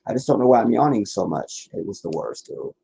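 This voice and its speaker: Tired, husky-voiced man rambling casually. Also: fairly low pitch, lively intonation, fast talker, mellow. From Washington DC area, US. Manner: meandering, many restarts and asides. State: tired, worn out. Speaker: livestream host.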